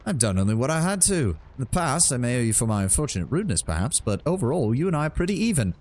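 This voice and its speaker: A shifty smuggler captain talks his way around old betrayals with slippery politeness, as a man reads the game lines aloud. The put-on accent drifts vaguely British, pitched in an ordinary middle register. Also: very animated, fast, darkish tone. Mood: scheming. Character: shifty adult male smuggler captain, smooth-talking. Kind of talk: reading game dialogue aloud.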